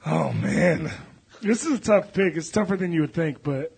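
A man in casual chat, dry and deliberate. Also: fairly high pitch, expressive, gravelly, a little mellow, breathy edge.

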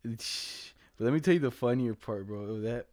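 A man's voice: medium pitch, moderate pace, darkish tone. A young man casually telling a rambling, slangy story to a friend, laughing along and quoting others in put-on voices.

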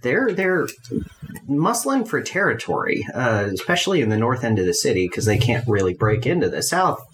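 Halting, lively man playing a tabletop game. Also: mid-range voice. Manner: halting, filler-heavy, laughing. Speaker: player. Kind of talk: tabletop role-play chat. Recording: noisy home recording.

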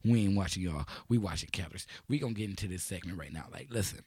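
A man from Chicago hosting a community radio call-in show, joking loudly and slangy with friends in the studio. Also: low voice, quick pace, slightly rough, dry recording. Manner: rowdy, joking, slangy, talks over friends. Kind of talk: loose call-in radio banter.

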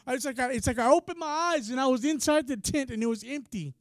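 A male preacher with a strikingly high voice delivers a passionate, casual sermon, dropping to near-whispers and rising to shouts. The sound is close and dry, with almost no room echo. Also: quick pace. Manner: passionate, swings from quiet to shouting; casual, says "man" often.

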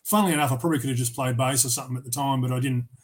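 A metal vocalist from Tasmania, Australia, is a podcast guest in a casual storytelling interview, swearing his way through rambling anecdotes with many restarts. His medium-pitched voice races along, and the recording is rough.

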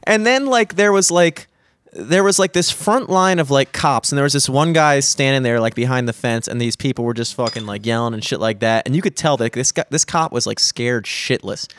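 A young man in casual chat, telling a profane, animated story and mimicking the people in it. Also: mid-range voice, brisk, dry recording.

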